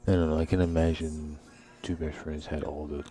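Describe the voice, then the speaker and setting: Deep-voiced man swearing over a game. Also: level tone, normal speed, warm tone. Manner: rambling, crude, swears a lot. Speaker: gameplay commentator. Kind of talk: casual let's-play commentary. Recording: game music behind voice.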